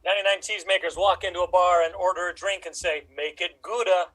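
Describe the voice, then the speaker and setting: A man, an improv player, telling pun jokes with a deadpan delivery. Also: sits high, fast talker, poor audio.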